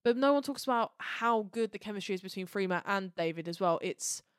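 A woman co-hosting a podcast in casual chat, animated and jokey, often quoting lines in a high put-on voice. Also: fairly quick, clean tone, dry recording, clean studio sound. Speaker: podcast co-host.

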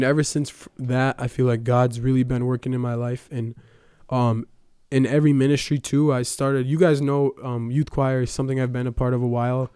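A man's voice: mid-range voice, mellow, smooth, dry recording, studio quality. A young man giving a casual personal testimony at church, telling his story with lots of fillers and quoted dialogue.

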